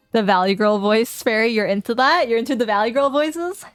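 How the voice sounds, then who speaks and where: A woman's voice: on the high side, moderate pace, dry recording, studio quality, faint music behind. A woman streamer reading a dating game aloud in a playful, casual way, chatting with her viewers between lines. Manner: playful, laughs often, reads game text aloud.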